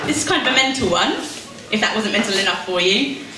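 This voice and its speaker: A woman's voice: mid-range voice, animated, brisk, crowd noise, noisy background. A young woman performing her spoken word poetry at a pub open mic, with rhythmic, emphatic delivery. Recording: echoey room recorded from far off.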